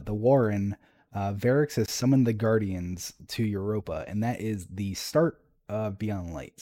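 A man's voice: fairly low pitch, warm tone, dry recording. A man talking casually about game lore, rambling with fillers and restarts as he reads entries aloud. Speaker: podcast co-host discussing game lore.

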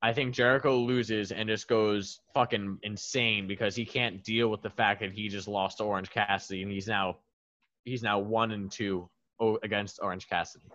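Low-voiced man rambling through a prediction. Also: steady tone, normal speed, a bit bright, dull audio. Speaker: podcast co-host. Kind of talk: casual chat.

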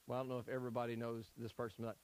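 A man's voice: mid-range voice, flat delivery, rapid-fire, a little mellow, low-quality recording. A man from Tennessee preaching an evening Bible study, conversational, with frequent "okay?" check-ins to the congregation. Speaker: pastor.

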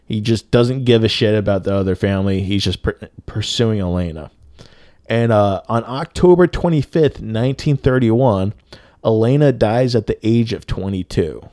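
Male podcast co-host, low voice, dry sound, casual storyteller who swears freely. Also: moderate pace, mellow, dry recording. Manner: loose and profane, full of "like" fillers.

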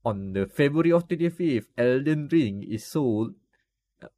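A man with a Malaysian English accent co-hosting a casual gaming podcast, relaxed and giving advice. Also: medium pitch, measured pace. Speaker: podcast co-host. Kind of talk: casual chat.

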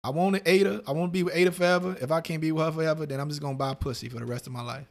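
A man's voice: fairly high pitch, fairly even intonation, rapid-fire, vocal fry. A man co-hosting a podcast, telling loose, profane stories in casual chat and acting out quoted voices. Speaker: podcast co-host.

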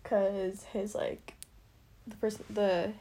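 A woman's voice: medium pitch, little pitch movement, slow pace, mellow. A young woman co-hosting a podcast, chatting and gossiping in a rambling, giggly way. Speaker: podcast co-host. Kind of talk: casual chat.

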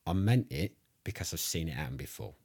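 A man's voice: a bass voice, expressive, fairly quick, a little mellow, slightly rough. A man, talking in an improvised comedy chat in a boastful, rambling, hesitant way. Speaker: comic interviewee.

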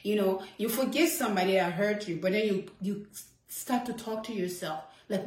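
A woman's voice: mid-range voice, a little fast, darkish tone. A woman hosting an inspirational talk episode, heartfelt and chatty, laughing often as she encourages listeners. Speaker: host. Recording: roomy echo.

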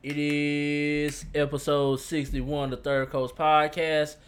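A man's voice: fairly high pitch, monotone, slow, clear, resonant tone. A man hosting a casual podcast, joking around and rattling off nicknames for his co-hosts. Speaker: podcast host.

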